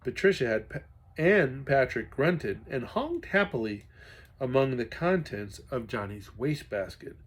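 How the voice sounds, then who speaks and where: Slow, breathy man reading aloud. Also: mid-range voice. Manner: expressive, stops to chat with listeners. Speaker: reader. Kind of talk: reading a children's novel aloud.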